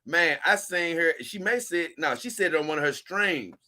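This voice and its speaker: A man's voice: a little high, normal speed, pushed and bright. A man, hosting a casual show, rambling and chuckling as he reads posts aloud to his viewers. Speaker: host.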